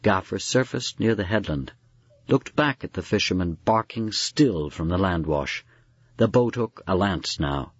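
A man reading a story aloud with measured, dramatic storytelling. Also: sits low, animated, breathy edge, no echo, lo-fi sound. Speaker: narrator.

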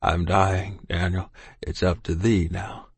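A man reading as a frail old man on his deathbed, who pushes out slow, urgent words in a hoarse, breathy whisper. The voice sits low and sounds close and dry, with no room around it. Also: flat delivery, no echo, heavily acted. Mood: weak, urgent. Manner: slow, insistent, old-fashioned thee and thou speech. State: gasping, near death. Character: dying older Quaker man, weak, urgent. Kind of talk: audiobook character voice.

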